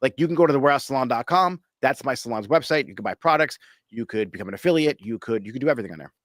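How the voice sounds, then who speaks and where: A man's voice: medium pitch, lively intonation, very fast, fairly bright tone, no echo, clean studio sound. A man hosting a podcast, talking business in a blunt, casual way and swearing now and then. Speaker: podcast host.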